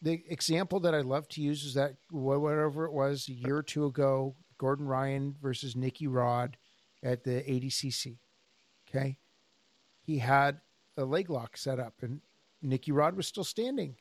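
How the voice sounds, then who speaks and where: A man co-hosting a podcast as a jiu-jitsu instructor, telling stories in a casual, animated way and acting out the people he quotes. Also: medium pitch, normal speed, dry recording. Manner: animated storyteller, acts out quoted dialogue.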